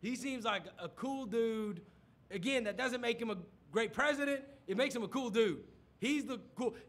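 High-voiced animated male radio host. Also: normal speed. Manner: animated storyteller, mimics others loudly. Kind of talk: casual studio chat. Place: radio studio.

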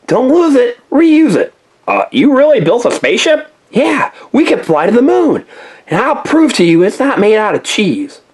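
Man voicing a squeaky-high excited inventor pup, husky, insists he's right. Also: moderate pace, full character voice. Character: clever, eager male inventor pup. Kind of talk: toy play-along story voice.

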